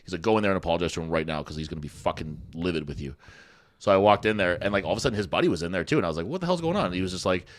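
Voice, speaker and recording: A man's voice: low voice, expressive, rapid-fire. A man co-hosting a podcast, telling stories in casual chat, swearing freely and acting out the people he quotes. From Canada. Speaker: podcast co-host.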